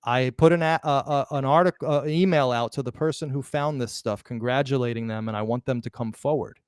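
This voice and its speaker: A man hosting a live podcast, talking excitedly and emphatically, often restarting words mid-sentence. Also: mid-range voice, fairly quick, clear, resonant tone, no room sound, studio quality. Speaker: podcast host.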